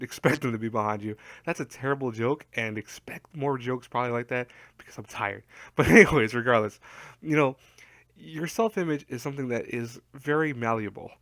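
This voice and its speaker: Young male vlogger, tired and a bit hoarse, casual rambling advice delivery, dry close recording. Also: lowish voice, no room sound. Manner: rambling, self-deprecating, chatty with fillers. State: tired, voice worn from talking all day. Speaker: YouTuber giving advice.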